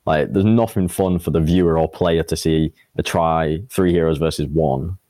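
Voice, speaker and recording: A man's voice: rumbling low, fairly even intonation, moderate pace, mellow, no echo, clean studio sound. A man co-hosting a casual podcast chat, blunt and swearing freely. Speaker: podcast co-host.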